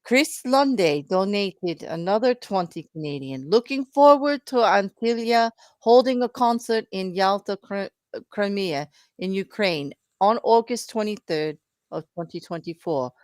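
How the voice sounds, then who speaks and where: A woman's voice: mid-range voice, animated, unhurried, no echo, clean studio sound. A woman with a South African accent, co-hosting a live stream and reading out donor messages with easy laughter. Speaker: co-host reading donations. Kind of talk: casual live-stream chat.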